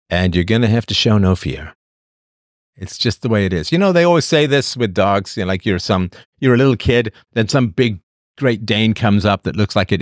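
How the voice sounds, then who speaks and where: A man's voice: sits low, no echo, clean studio sound. A man hosting a show, talking casually in a rambling monologue and answering the chat. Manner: rambling, with acted voices and asides.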